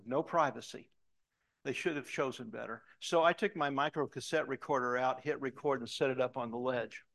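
A middle-aged man preaches with a storyteller's pull, recounting an old police case and slipping into the voices of the people in it. His delivery is animated and conversational, with a voice of ordinary middle pitch. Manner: animated storyteller acting out dialogue. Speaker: preacher, former police detective. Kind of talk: storytelling sermon.

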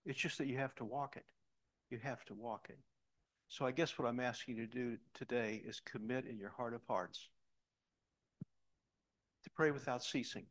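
A middle-aged man preaching a sermon, telling a story in an animated way and dropping to soft emphasis on key points. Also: mid-range voice. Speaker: pastor.

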